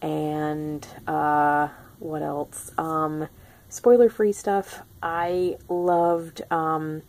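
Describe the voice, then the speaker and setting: A woman's voice: low voice, fairly even intonation, very slow, darkish tone. A young woman chatting casually in a spoiler-free film review, gushing and full of ums and restarts. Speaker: book and film vlogger.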